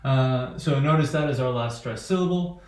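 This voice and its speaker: A male teacher gives a lecture, stopping and restarting often and checking in with his students. His voice sits at an ordinary pitch and carries a roomy echo. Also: darkish tone. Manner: halting, many fillers and "right?" checks.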